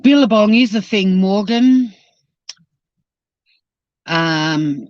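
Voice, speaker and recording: A woman's voice: medium pitch, slow pace, long pauses. A sweary Australian woman chats bluntly as she drives and reacts to her live chat. The sound is muffled and lo-fi, with no room echo at all. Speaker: livestream host reading chat. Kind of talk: casual chat while driving. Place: car. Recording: dull, dry lo-fi sound.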